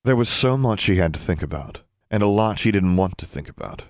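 Deep male narrator, lively expressive read, dry booth sound. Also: fairly quick, dry recording. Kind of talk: audiobook narration.

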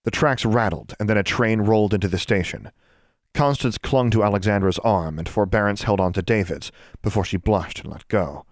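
A man with a very deep voice reads a novel aloud in steady, measured narration. The recording is close and dry, with no room sound. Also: no echo. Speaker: audiobook narrator. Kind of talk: scripted narration.

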